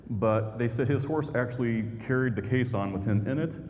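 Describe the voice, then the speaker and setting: A man's voice: medium pitch, moderate pace, darkish tone. A man, a YouTuber giving a folksy storytelling talk to an audience. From Indiana, USA. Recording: long hall reverb, faint noise.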